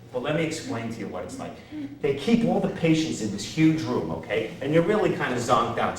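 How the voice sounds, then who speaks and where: A man's voice: mid-range voice, slight background noise. A man from Connecticut doing stand-up comedy, brash and self-mocking, chatting with the crowd from a stage. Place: theater stage. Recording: echoey hall, distant mic, audience audible.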